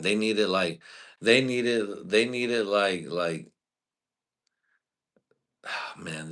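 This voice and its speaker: A man's voice: extremely low pitch, sharp tone. A man hosting his own live stream, rambling through profane comedy bits and trailing off into "you know?". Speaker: host.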